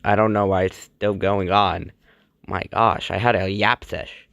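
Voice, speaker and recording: A man's voice: sits low, fairly even intonation, a little slow, vocal fry, a bit bright, no echo, studio quality. A man narrating a homemade cartoon in a rambling, stumbling, offhand way.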